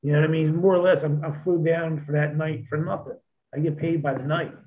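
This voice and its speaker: A man's voice: on the high side, level tone, brisk, slight background noise. A man telling stories in a casual chat, laid-back and profane, laughing often. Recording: tinny phone-like sound.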